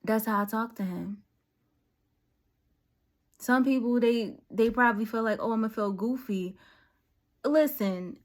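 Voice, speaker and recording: A woman giving casual, slangy encouragement straight to her viewers, talking directly like a friend with a message. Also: sits high. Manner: conversational, slangy, direct and preachy. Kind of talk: casual motivational talk to camera.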